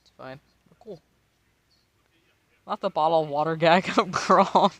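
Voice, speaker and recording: A man's voice: a little high, unhurried, fairly bright tone, dry recording. An American man in his twenties, tipsy and rambling in casual, profane chat while streaming a game, laughing often. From United States. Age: 20s.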